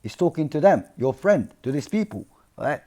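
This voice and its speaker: A man's voice: a little high, big pitch swings, normal speed, a little mellow. A man explaining scripture in an informal talk, earnest and often checking in with his listeners. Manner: earnest, keeps checking in with "yeah?" and "see?". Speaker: religious commentator.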